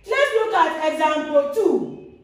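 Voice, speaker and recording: A woman teaching a grammar lesson, repeating each example slowly with a sing-song lilt. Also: high-pitched, lively intonation. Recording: very echoey room, voice far from mic.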